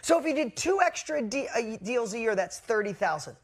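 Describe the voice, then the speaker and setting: A woman business coach telling a motivational story to a live group, energetic and blunt, swearing casually. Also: fairly high pitch, fairly quick, hardly any pauses, breathy edge.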